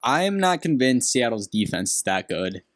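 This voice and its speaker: A man's voice: medium pitch, sing-song, normal speed, no echo, studio quality. A young man from Green Bay co-hosting a podcast, giving blunt, opinionated takes in casual sports chat. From Green Bay, Wisconsin. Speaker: podcast co-host.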